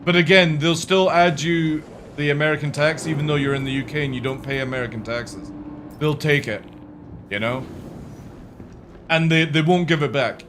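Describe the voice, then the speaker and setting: A man's voice: a little high, normal speed, fairly bright tone, slight background noise. Chatty man streaming games. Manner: rambling, talks to chat, swears freely. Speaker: game streamer. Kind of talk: casual live-stream chat.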